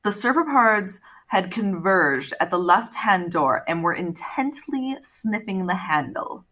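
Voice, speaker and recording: A woman narrates an audiobook with an expressive storytelling manner. Her tone is clear and bright. Her pitch rises and falls a great deal as she acts out the characters. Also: measured pace. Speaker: audiobook reader.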